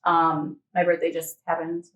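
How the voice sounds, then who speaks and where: A woman's voice: fairly low pitch, completely flat delivery, normal speed, fairly bright tone. A woman guest in a casual interview, chatty and laughing often, acting out little quotes as she talks. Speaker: interview guest, fitness model. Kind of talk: casual chat. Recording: echoey room, distant mic.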